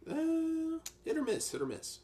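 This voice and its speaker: A woman's voice: very high-pitched, big pitch swings, a little slow, mellow. A woman co-hosting a podcast, adding wry, jokey quips to a casual episode recap. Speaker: podcast co-host.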